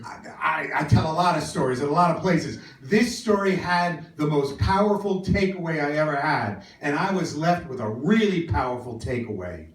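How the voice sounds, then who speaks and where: Brief: theatrical storyteller, man in his fifties, high voice, distant stage mic in a roomy venue. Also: moderate pace, hardly any pauses. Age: 50s. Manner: animated, theatrical, swings into high wails. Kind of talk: live comic storytelling. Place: small performance venue, indoors.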